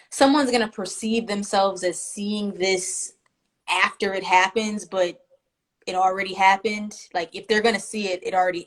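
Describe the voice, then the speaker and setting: Guest, woman, spiritual healer, heartfelt and emotional delivery, video call. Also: mid-range voice. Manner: emotional and warm-hearted, speaks in spiritual terms. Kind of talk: casual interview talk.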